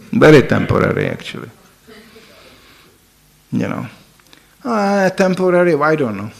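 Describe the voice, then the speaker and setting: With a gravelly, mid-range voice, an older man tells funny anecdotes in a chatty sermon. He is a spiritual teacher who often says "you know" and laughs along with his own stories.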